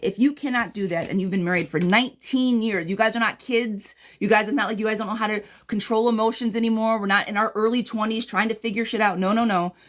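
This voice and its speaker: A woman's voice: medium pitch, steady tone, fast, few pauses. A woman tarot reader in a casual live-stream replay, answering viewers' questions in a blunt, chatty way and calling them girl and friend.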